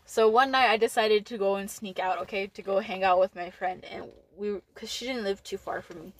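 A woman's voice: medium pitch, fairly even intonation. A teenage girl casually telling a story to her boyfriend, swearing and laughing often. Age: teens. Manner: laughing, swearing, fast story with lots of likes. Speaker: podcast co-host.

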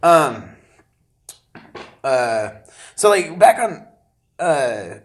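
A man's voice: a little high, sing-song. A man hosting a casual podcast interview, talking in a laid-back way with plenty of swearing. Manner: laid-back, profane, drawn-out phrases. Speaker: podcast host.

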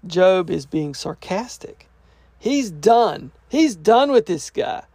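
A man's voice: high-pitched, sing-song, slow pace, darkish tone, no echo. Guy doing verse by verse bible teaching, reads a bit then breaks it down casually, dry close sound. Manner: reads scripture then paraphrases it in casual words.

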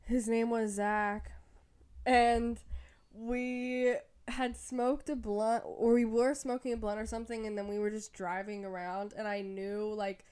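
A woman's voice: a little high, little pitch movement, a little slow, a little mellow, clean tone. A young woman co-hosting a podcast, telling stories in casual chat with frequent laughs. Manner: chatty, laughing storyteller. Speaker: podcast co-host.

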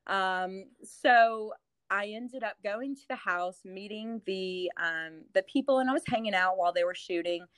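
A New Orleans woman who went from real estate agent to TV host tells stories in a relaxed chat, giggling and filling her talk with fillers. Her voice sits in the mid range, fairly bright and smooth, and she speaks unhurriedly on a dry recording.

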